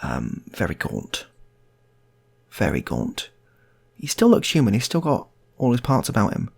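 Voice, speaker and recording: Man, improvised comic storytelling, low gravelly voice, husky, rambling asides. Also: wildly swooping pitch, unhurried.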